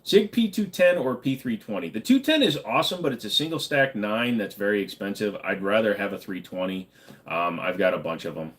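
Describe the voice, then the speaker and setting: A man's voice: on the low side, animated, a little fast, fairly bright tone. A man hosting a casual livestream, reading viewers' chat aloud and answering with loose, joking, profane banter. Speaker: livestream host.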